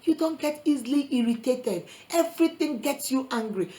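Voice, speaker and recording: A woman's voice: high-pitched, animated, moderate pace, mellow, poor audio. A woman vlogger giving earnest relationship advice in a preachy motivational talk, quoting scripture and calling listeners sister and brother. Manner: quotes scripture.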